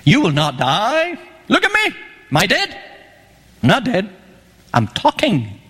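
A preacher putting on a sly, coaxing serpent voice. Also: male voice, high voice, wildly swooping pitch, measured pace, bright, forceful tone, husky, voice pushed up, exaggerated voice. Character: sly male talking serpent, the tempter. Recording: echoey hall.

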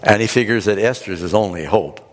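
A man preaching a sermon, retelling a scripture story in an animated, dramatic way. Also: on the low side, a little fast, long reverb tail. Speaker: pastor.

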